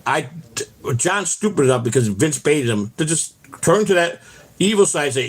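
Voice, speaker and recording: Very animated and fairly high-pitched, the man keeps a moderate pace as he hosts his vlog. On an outdoor walk, he drifts through casual, profane stories and tacks "man" onto his sentences.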